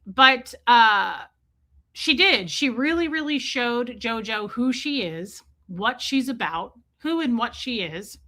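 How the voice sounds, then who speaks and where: A woman hosting a livestream, talking fast and emphatically, repeating herself and breaking off to thank viewers in the chat. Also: on the high side, lively intonation, bright, forceful tone. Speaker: livestream host. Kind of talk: casual livestream commentary.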